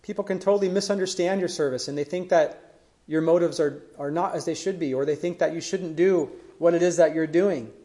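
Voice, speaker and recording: A man's voice: a little high, a little fast, mellow. A man preaching a sermon in an earnest way, building emphasis through questions. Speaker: pastor.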